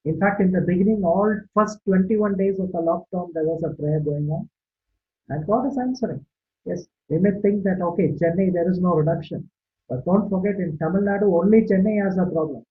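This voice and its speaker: A man's voice: high-pitched, brisk. A man giving an online sermon talk on a video call, emphatic and constantly asking "right?" and "okay?" to his listeners. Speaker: Christian speaker. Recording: tinny video-call audio, faint hiss.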